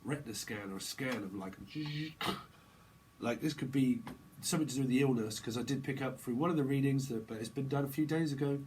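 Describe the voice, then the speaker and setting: A man's voice: mid-range voice, brisk, a little mellow, slight background noise, rough recording. A man giving a casual, rambling tarot reading, laughing often and using slang. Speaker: tarot reader.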